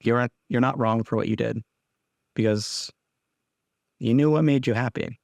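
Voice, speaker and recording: A young man hosting his own podcast, talking candidly and haltingly, with frequent restarts and casual swearing. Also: mid-range voice, creaky, a little mellow, no room sound. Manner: rambling, halting, restarts often. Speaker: podcast host. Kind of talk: candid personal podcast monologue.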